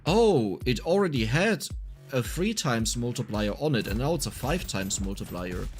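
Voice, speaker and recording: A man with a German accent chatting casually on a gaming livestream, talkative and quick to get heated. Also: mid-range voice, big pitch swings, faint music behind. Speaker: streamer.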